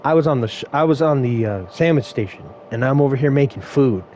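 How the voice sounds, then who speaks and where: A young man telling brash, animated stories about run-ins with customers at his fast food job. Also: mid-range voice, slight background noise. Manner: brash, animated retelling of confrontations. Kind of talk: casual storytelling vlog.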